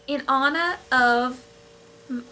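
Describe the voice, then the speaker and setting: A woman's voice: high voice, slow pace, pushed and bright, a little hiss or hum. A young woman giving blunt, playful opinions in a casual chat with a friend. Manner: blunt, playful, drifts into jokey mock accents. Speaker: guest vlogger.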